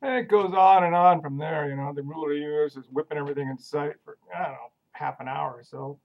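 A man rambling through a casual video message with a folksy, deadpan manner, sending a question to another video maker. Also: on the high side, fast, creaky, highs cut off.

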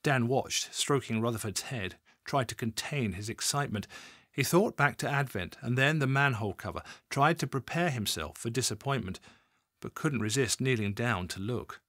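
A man narrating a crime audiobook in an expressive, dramatic reading. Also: mid-range voice, normal speed, dry recording, studio quality.

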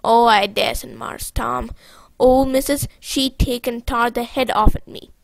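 A woman voicing a timid young boy servant who talks in a slow, hesitant Southern dialect in a storybook reading. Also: a little high, fairly even intonation, creaky, no echo, poor audio. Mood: reluctant. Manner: hesitant, drawn-out dialect speech.

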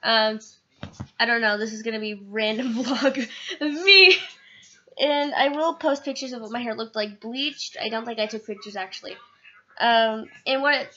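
A woman's voice: on the high side, normal speed, sharp tone. A teenage girl rambling and giggling through a casual home vlog, self-mocking and chatty. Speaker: vlogger. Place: at home, in and around the kitchen. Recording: dull lo-fi home video with faint noise.

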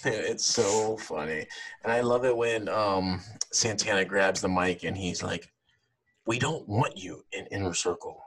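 Laid-back low-voiced podcast guy. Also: unhurried, fairly bright tone, breathy edge. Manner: laid-back, rambling with many fillers. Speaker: podcast co-host. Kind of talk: casual chat.

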